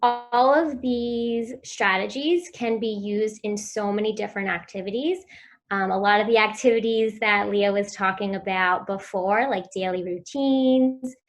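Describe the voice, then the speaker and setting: Woman calmly explaining speech strategies. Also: medium pitch, measured pace. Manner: clear instructive delivery, models sounds for children. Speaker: speech therapy presenter. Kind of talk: virtual conference talk.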